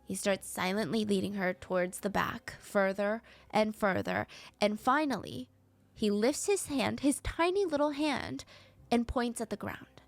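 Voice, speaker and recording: A woman's voice: mid-range voice, unhurried, creaky, no echo. A woman hosting a true crime podcast, narrating a case with dramatic, suspenseful pacing and casual asides. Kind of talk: storytelling narration.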